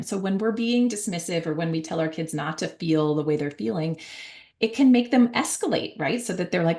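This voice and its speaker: Low-voiced woman with a gravelly edge. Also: animated, normal speed, darkish tone. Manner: conversational, frequent fillers and self-corrections; acts out parent and child voices at a higher pitch. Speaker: author and guest speaker. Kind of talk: talk on parenting.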